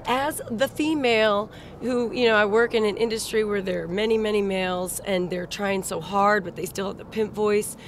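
A woman's voice: medium pitch, steady tone, moderate pace, few pauses, slight background noise. A woman co-hosting a podcast, speaking earnestly and affirming what others say in casual chat.

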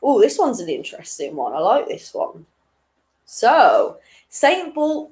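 A young woman runs a weekly online quiz, reading each question twice and laughing off her slips. Her voice is fairly high and swoops up and down with lively energy. She speaks slowly and takes her time. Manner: chatty and giggly, reading questions twice, tripping over words. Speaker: quiz host. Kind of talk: casual online quiz hosting.

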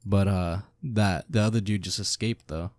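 Guy reading manga out loud and reacting, excitable and sweary, dry close sound. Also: low-pitched, normal speed, no echo. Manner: casual, excitable, swears freely.

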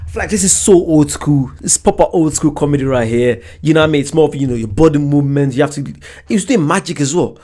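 A man's voice: a little high, fast, mellow. A man hosting a reaction video, chatting casually with slang and lots of fillers. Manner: chatty, slangy, full of "you know" fillers.

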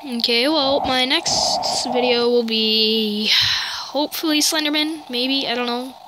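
A woman's voice: on the high side, slow pace, very noisy. A woman giving nervous, chatty commentary while playing a horror game, talking to herself and her viewers. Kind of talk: let's-play commentary. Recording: loud game ambience behind voice. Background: eerie game ambience and noises.

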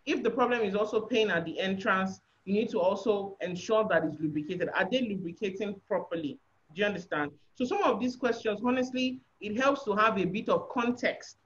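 A woman's voice: mid-range voice, brisk. A woman giving a frank, explanatory sexual health talk on a webinar, often checking that listeners understand. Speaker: guest speaker on sexual health. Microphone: video call. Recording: dull lo-fi webinar audio.

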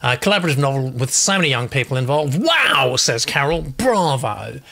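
A man's voice: medium pitch, animated, fairly quick, vocal fry, fairly bright tone. A man hosting a live publishing show, chattily reading out viewer comments and adding his own asides. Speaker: host, literary agent.

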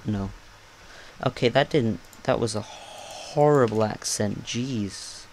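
A man hosting a gaming channel, giving live, excitable and jokey commentary as he plays. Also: mid-range voice, slight background noise. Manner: excitable, jokey, talks to himself.

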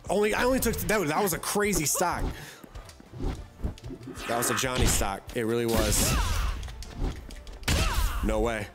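A man giving live, excitable gameplay commentary, swearing and trash-talking his opponent. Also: mid-range voice, measured pace, pauses often. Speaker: gamer. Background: loud game music.

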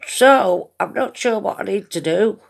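A woman's voice: mid-range voice, lively intonation, measured pace, gravelly. A woman chatting casually to camera, giggling often, swearing freely and rambling from one thing to the next.

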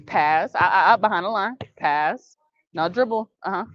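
A woman coaching a youth basketball practice, calling brisk directions and praise and gently correcting the kids. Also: medium pitch, dry recording. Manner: brisk, directive calls and encouragement; patient, gentle correction of the group. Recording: dull, dry lo-fi sound.

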